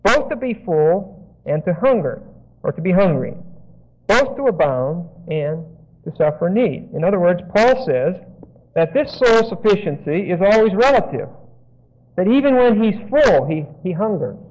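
A man's voice: sits high, very animated, normal speed, a little mellow, slight background noise. A man giving verse-by-verse sermon teaching, explaining Greek grammar with digressions and frequent checks of "okay?". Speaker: Bible teacher. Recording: dull lo-fi sound.

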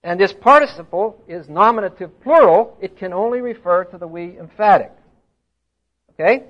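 High-voiced older preacher teaching a congregation. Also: male voice, animated, normal speed, highs cut off. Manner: teacherly, asks the congregation questions, stresses words emphatically. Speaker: pastor. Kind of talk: expository sermon. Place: church hall before a congregation.

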